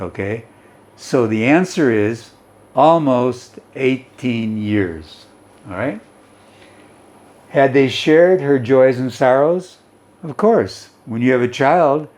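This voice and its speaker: A man's voice: mid-range voice, a little mellow. Male teacher explaining a story. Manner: explanatory, keeps checking in with "okay?".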